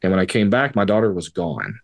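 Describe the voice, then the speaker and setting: Here a podcast guest with a low, creaky voice speaks fairly quickly. He recounts something from his own life in loose, profane terms, voicing the other characters' lines as he goes, like a conversational storyteller.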